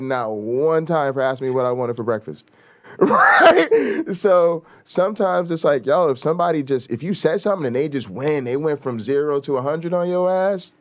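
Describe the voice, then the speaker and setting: A man whose voice sits on the high side hosts a talk show, offering casual commentary. He's blunt and emphatic, swears freely, and habitually checks in with a rhetorical "right?"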